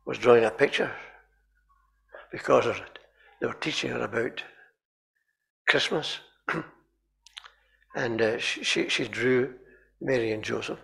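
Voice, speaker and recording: A man preaching a sermon in a chapel, telling stories animatedly and often repeating words and clearing his throat. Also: medium pitch, a bit bright.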